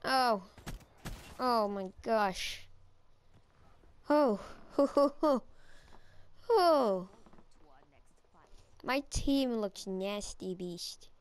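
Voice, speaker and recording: A woman's voice: mid-range voice, lively intonation, extremely slow, pauses often, clear, resonant tone, no room sound. A woman giving playful, goofy live commentary while playing a shooter game, with silly chants and voices. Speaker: gamer.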